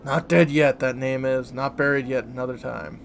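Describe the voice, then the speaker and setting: A man's voice: medium pitch, steady tone, moderate pace, creaky, slight background noise, natural voice. A man voicing an eerie male undertaker in a game, speaking in clipped, sing-song phrases.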